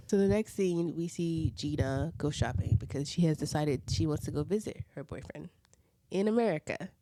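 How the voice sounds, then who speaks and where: A woman with a low, mellow voice chats through a reality TV recap. She fills her talk with "like" and rhetorical questions. The sound is dry and close. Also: dry recording. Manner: chatty, frequent "like" and rhetorical questions. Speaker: reality TV reviewer. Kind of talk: casual recap vlog.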